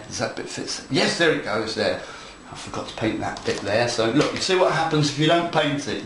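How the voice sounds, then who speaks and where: A man giving a casual hands-on model railroad tutorial, chatty, playful and enthusiastic as he talks viewers through his work. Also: mid-range voice. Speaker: model railroad hobby instructor. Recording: echoey room with faint noise.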